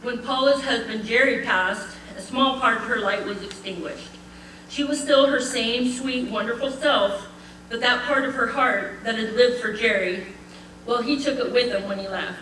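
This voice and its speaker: A woman's voice: fairly high pitch, fairly bright tone, recorded from a distance, slight background noise. Older woman giving a heartfelt eulogy. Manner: heartfelt, measured reading with light laughter. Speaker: eulogy speaker. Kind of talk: reading a prepared eulogy. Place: memorial gathering in a community hall. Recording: echoey hall, voice from afar.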